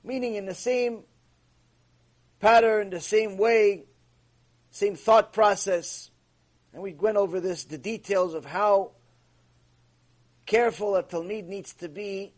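A man gives a religious lecture in a raspy, higher-pitched voice. He drives his points home by repeating key phrases. His delivery is emphatic and instructive. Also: slow pace, long pauses. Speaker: rabbi teaching a Torah class.

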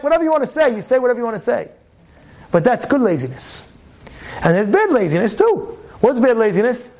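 Talking fast and very animated, this rabbi delivers a sermon on the week's Torah portion. He hammers points with repeated phrases and rhetorical questions, moving from loud bursts to quiet asides.

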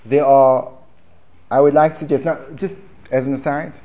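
A man with a South African accent teaching a Talmud class in a relaxed, conversational way, restarting phrases and checking in with his students. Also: mid-range voice, moderate pace, highs cut off. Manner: conversational, repeats words and restarts, asks the room questions. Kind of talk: informal classroom lecture. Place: basement classroom.

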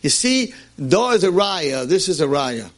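A stubborn, anxious father who sees warnings in every mishap, as a man acts him out in a told tale. He pushes his points with insistent exasperation, his voice climbing high when he objects. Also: big pitch swings, measured pace.

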